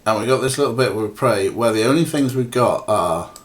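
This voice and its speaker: Speaking a little fast at medium pitch, a streamer plays a point-and-click game and keeps up loose, filler-heavy commentary, chatting away to his viewers and his cats.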